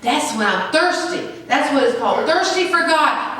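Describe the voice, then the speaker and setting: A woman's voice: high voice, lively intonation, normal speed, few pauses, fairly bright tone. A woman pastor preaching a sermon with emphatic call-and-response. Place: church sanctuary. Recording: echoey church from far off.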